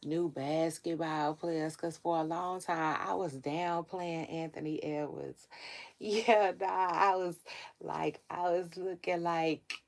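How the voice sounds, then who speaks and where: A woman's voice: on the low side, steady tone, vocal fry. A woman hosting a celebrity gossip livestream, talking casually and rambling to her viewers with frequent laughs. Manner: chatty, drawn-out, rambling with laughs. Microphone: livestream setup.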